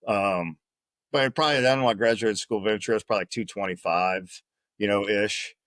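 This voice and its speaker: A man's voice: on the low side, a little fast, fairly bright tone, no echo. A man, a former Marine guest on a podcast, telling stories in a casual, profane, rambling way, often tagging his lines with "right?". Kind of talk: casual storytelling in conversation.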